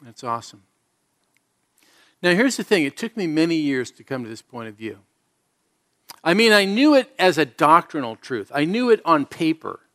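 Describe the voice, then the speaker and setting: A middle-aged male pastor preaches to his congregation, his voice sitting a touch higher than most men's. He is an earnest storyteller with a streak of self-mocking humor. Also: very animated, moderate pace, pauses often, fairly bright tone. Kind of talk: sermon. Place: church service before a congregation.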